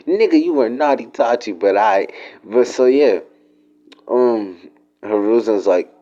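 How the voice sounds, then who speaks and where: A man's voice: on the low side, expressive, a little slow, warm tone, muffled recording. A man telling a made-up story in a rambling, slangy, profane way. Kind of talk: casual fan-fiction storytelling.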